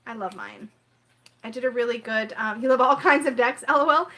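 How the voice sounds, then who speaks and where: A woman tarot reader hosting a casual live stream from home, rambling, apologetic and clearing her throat now and then as she chats with viewers. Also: a little high, fairly quick, pushed and bright.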